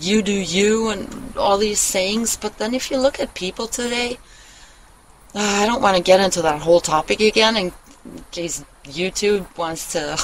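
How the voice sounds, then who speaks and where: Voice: medium pitch, rough recording. A vlogger rambling through a casual monologue in a mid-range voice, blunt and profane, cutting sentences short and starting them again. A faint hum of room noise sits behind the voice. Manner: blunt and profane, trails off and restarts. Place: at home, living in Germany.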